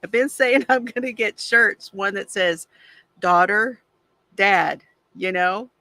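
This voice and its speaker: A middle-aged woman talks unhurriedly through a craft livestream at home, rambling and confiding as she colors. Her voice sits fairly high with a gravelly, creaky edge, and the sound is dry and close. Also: pushed and bright, no room sound. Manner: slow, rambling and confiding, with frequent sighs. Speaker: craft channel host. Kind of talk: casual livestream chat while coloring.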